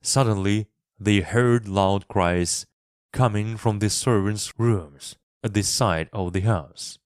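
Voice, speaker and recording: Slow, low-voiced male storyteller. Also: no room sound, studio quality. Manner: expressive, clearly paced reading. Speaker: storyteller and English teacher. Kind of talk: scripted narration for English learners.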